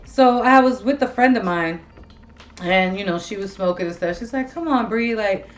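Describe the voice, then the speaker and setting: Seorang wanita paruh baya yang mengobrol santai dan bertele-tele sebagai pembawa acara podcast, sering mengumpat dengan gaya yang hidup. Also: female voice, medium pitch, moderate pace, highs cut off. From Ohio. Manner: swears a lot, rambling and animated. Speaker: podcast host. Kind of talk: casual chat.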